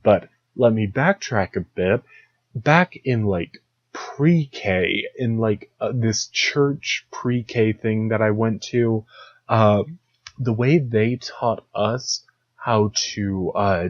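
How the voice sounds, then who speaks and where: A man's voice: fairly low pitch, slow pace, dry recording. A young man hosting a solo comedic podcast, rambling sarcastically and slipping into mocking impressions. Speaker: podcast host. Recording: dull lo-fi dry recording.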